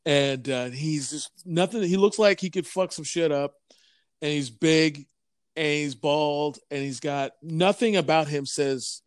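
A man's voice: fairly high pitch, measured pace, dry recording, clean studio sound. A man chatting casually, rambling with many fillers as he tells a story. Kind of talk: casual chat.

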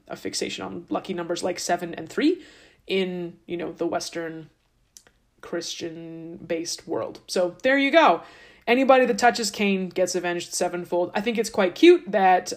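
Casting: a woman host, chatty and irreverent, full of sarcastic asides. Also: medium pitch. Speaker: podcast host. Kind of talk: casual irreverent storytelling.

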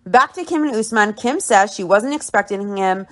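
A woman's voice: mid-range voice, expressive, normal speed, fairly bright tone. Blunt, opinionated woman podcaster. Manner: blunt, opinionated, swears freely. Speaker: podcast host. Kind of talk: casual recap and commentary.

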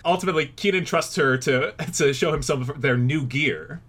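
A man co-hosting a podcast, recapping giggly and lively in casual chat. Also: a little high, moderate pace. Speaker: podcast co-host. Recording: noisy line with clicks.

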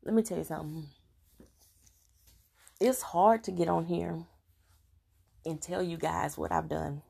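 A woman's voice: on the low side, fairly even intonation, measured pace, creaky, a little mellow, slightly rough. A woman speaking earnestly and preachily, straight to her viewers in a confessional devotional talk about her faith. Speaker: Christian vlogger sharing her faith journey.

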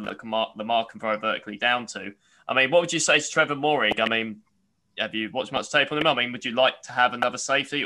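A man hosting a casual sports podcast, halting and restarting his sentences often. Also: mid-range voice, bright, forceful tone. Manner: halting, restarts with repeated "I mean". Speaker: podcast host.

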